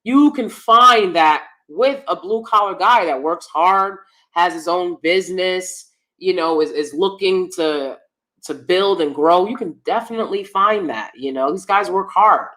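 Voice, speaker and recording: A woman with a fairly low voice hosts a laid-back livestream, reading out viewer comments. She talks in an emphatic, opinionated way and repeats points for stress. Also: unhurried, fairly bright tone. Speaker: host.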